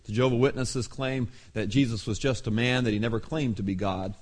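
A middle-aged male pastor preaching a sermon, telling the story with dramatic pauses and laughter. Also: mid-range voice, fairly even intonation, a little mellow.

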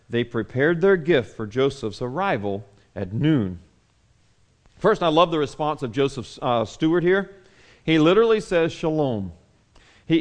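Man, pastor, sermon, slightly higher voice, swings from loud to hushed. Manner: animated, acts out quotes loudly then drops to soft hushed tones.

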